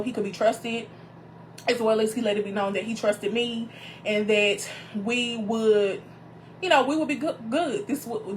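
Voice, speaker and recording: A woman minister hosting her show, telling a personal story in a casual, animated way, calling her viewers y'all and greeting them by name as they join. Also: a little high, a little hiss or hum.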